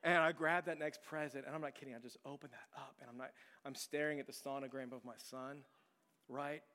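A middle-aged pastor delivers a chatty, self-deprecating sermon in a church sanctuary, telling a story and putting questions to the audience. His mid-range voice is steady, brisk, and sharp in tone, and the recording carries a long hall reverb.

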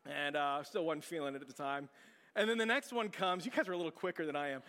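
A man's voice: on the high side, quick pace, pushed and bright. A middle-aged man preaching a chatty, self-deprecating sermon, telling a story and asking the audience questions. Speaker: pastor. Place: church sanctuary. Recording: long hall reverb.

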